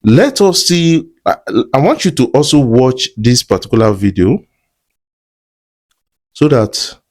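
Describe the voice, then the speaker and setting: A man's voice: mid-range voice, big pitch swings, unhurried, a little mellow. Chatty Nigerian man giving commentary. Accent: Nigerian Pidgin English. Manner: chatty, speaks directly to viewers in Pidgin-laced English. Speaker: entertainment blogger. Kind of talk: commentary vlog.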